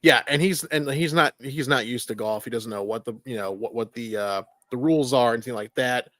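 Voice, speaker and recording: A man's voice: mid-range voice, brisk, a bit bright, no room sound, studio quality. A man co-hosting a casual film review chat, rambling, swearing freely and acting out movie lines. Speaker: podcast co-host reviewing a film.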